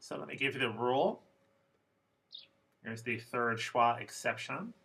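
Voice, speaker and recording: A man teaching an English pronunciation lesson, speaking slowly and deliberately and repeating each example word. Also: medium pitch, pushed and bright, breathy edge. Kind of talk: classroom lecture.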